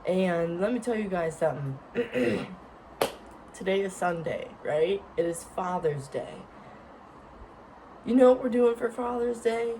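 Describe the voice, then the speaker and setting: A woman's voice: on the low side, expressive, measured pace, long pauses, background noise. A woman vlogger with a stuffed-up nose, chatting casually to her camera, apologetic and laughing often. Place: vacation lodging.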